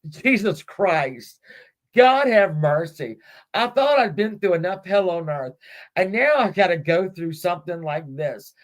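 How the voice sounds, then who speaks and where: A woman reading aloud as a terrified old fisherman, drawing out his words slowly and dramatically. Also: fairly low pitch, expressive. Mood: dramatic.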